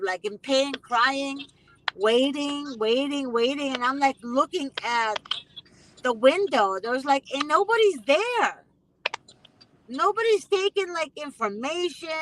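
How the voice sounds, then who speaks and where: A woman's voice: high-pitched, a bit bright, slight background noise, rough recording. A woman hosting a casual conversation, speaking emphatically and repeating phrases with indignation. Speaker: host.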